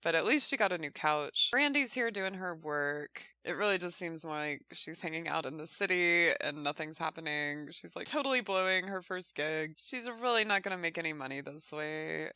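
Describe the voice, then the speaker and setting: A woman chats through her gameplay in a relaxed, amused, storytelling way. Her voice is bright and very clear, pitched a little low, recorded close and dry. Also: dry recording. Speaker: let's play host. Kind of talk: casual gameplay commentary.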